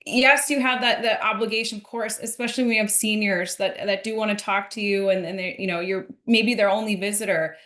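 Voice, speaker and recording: A woman's voice: medium pitch, fairly even intonation, fairly quick, hardly any pauses, fairly bright tone, roomy sound. A woman who is a political candidate, a guest on an interview, telling a story earnestly and with feeling.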